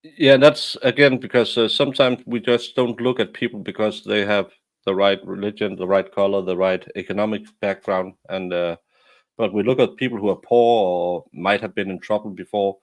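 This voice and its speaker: A man from Denmark with a Danish accent, hosting a casual livestream chat over a video call, halting with many fillers and restarts. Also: lowish voice, steady tone. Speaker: livestream host.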